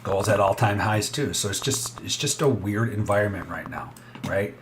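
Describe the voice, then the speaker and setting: A man's voice: lowish voice, moderate pace, over music. A man giving casual, blunt commentary as he trades live and talks straight to his viewers.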